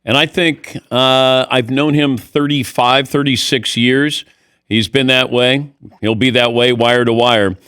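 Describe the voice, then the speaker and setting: An older man hosts a radio talk show, trading in dry, teasing remarks and firm emphasis. His voice sits at an average pitch for a man, recorded with a close, dry sound that has no room echo. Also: steady tone, unhurried, a bit bright, clear, resonant tone. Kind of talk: casual radio interview.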